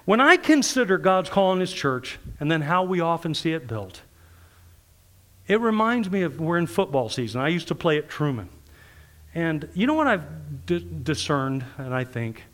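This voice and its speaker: His voice leans high and his pace is moderate as he preaches, spinning stories and acting out each figure in them with plenty of energy. Laughter runs through his sermon.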